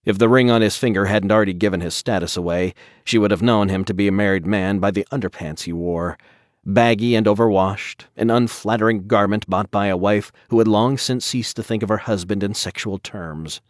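Deep-voiced man narrating a dark audiobook. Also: steady tone, fairly quick, no echo, clean studio sound.

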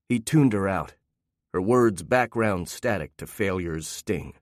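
A man narrating a fiction story in a measured, steady reading on a close mic. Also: sits low, no echo.

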